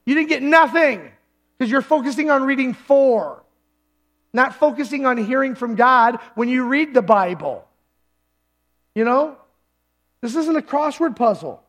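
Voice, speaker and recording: High-voiced man preaching a sermon. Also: animated, unhurried, long pauses, a bit bright. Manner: conversational preaching, acts out quoted voices. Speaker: pastor. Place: church service.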